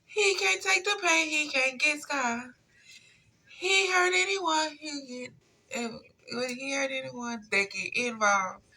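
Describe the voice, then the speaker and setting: A woman giving a casual tarot reading, talking straight to her viewers in a relaxed, slangy way. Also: high voice, takes it slowly. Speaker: tarot reader.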